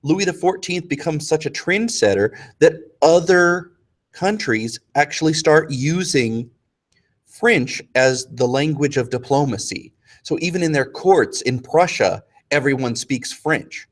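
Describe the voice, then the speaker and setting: A man teaching a casual history review lesson, joking with students and slipping into quick, slangy voices for historical figures. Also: medium pitch.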